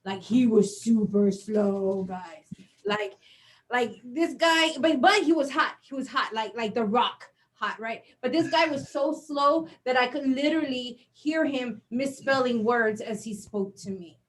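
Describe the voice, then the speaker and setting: A middle-aged woman doing a stand-up comedy set in a small venue. Her voice sits high, and she tells the story with lively energy, acting out each bit of dialogue. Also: a little slow. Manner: animated storytelling, acts out dialogue.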